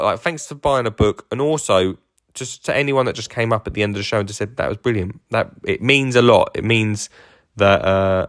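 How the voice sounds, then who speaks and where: A man's voice: fairly low pitch, no echo, clean studio sound. A man hosting his own podcast, chatting enthusiastically and rambling with lots of fillers and restarts. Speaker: podcast host and garden entertainer. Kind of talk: casual podcast monologue.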